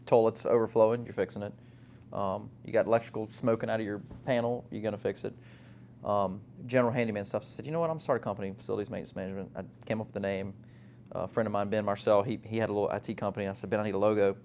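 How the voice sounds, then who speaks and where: A man's voice: on the low side, very fast, creaky. Guy spinning stories, does the voices, laughs a lot, bit of hiss behind. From South Louisiana. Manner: animated storyteller, acts out quotes in a raised voice, laughs often. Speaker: guest, company owner. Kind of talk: casual storytelling chat.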